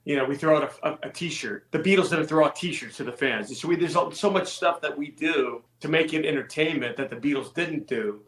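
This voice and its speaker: A man's voice: a little high, fairly quick, few pauses. Man from California, musician guest, easygoing anecdotes, echoey room sound. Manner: relaxed storytelling, self-deprecating. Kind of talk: casual interview chat.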